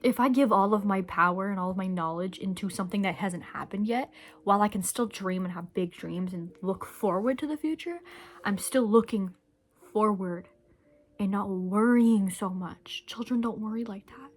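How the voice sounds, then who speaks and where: A woman's voice: medium pitch, moderate pace. A young woman speaks to camera in a loose, rambling monologue. She gets emotional and sometimes sinks to a near whisper, and she chews candy while she talks. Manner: chewing candy while talking. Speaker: vlogger. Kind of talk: casual reflective monologue.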